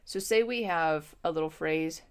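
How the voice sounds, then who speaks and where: A woman with a fairly low voice teaches a music lesson. She explains patiently and step by step, pausing on ums as she thinks. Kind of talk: instructional lesson.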